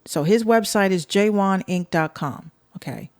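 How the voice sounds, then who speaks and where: A woman's voice: mid-range voice, unhurried, no echo. A woman from the Bronx with a New York accent, hosting a podcast in a blunt, profane, sarcastic rant aimed at her listeners. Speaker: podcast host.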